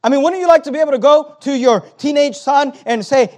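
A man's voice: very high voice, fairly quick, few pauses, darkish tone. A man preaching a sermon, reading scripture aloud and building it up with rising emphasis. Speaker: pastor.

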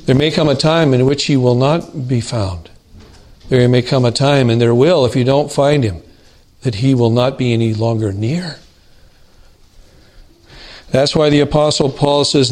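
A man preaching a sermon to his congregation, earnest and deliberate, slowing down to stress key words. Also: mid-range voice, a little mellow. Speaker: pastor.

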